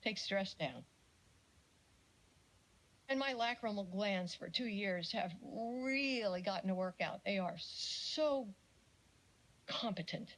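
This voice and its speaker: A middle-aged woman giving a casual lecture on parenting, chatty and animated, with jokey asides and little acted-out quotes. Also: medium pitch, slow pace, pauses often, poor audio. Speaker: speaker giving a talk on parenting.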